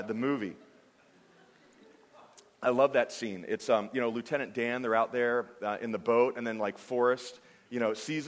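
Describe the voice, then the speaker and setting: A man delivers a conversational sermon, animated and prone to false starts and filler. His voice sits at an ordinary middle pitch for a man. The sound rings with a long reverb, as in a large hall. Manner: animated, stumbling restarts and filler "I mean". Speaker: pastor.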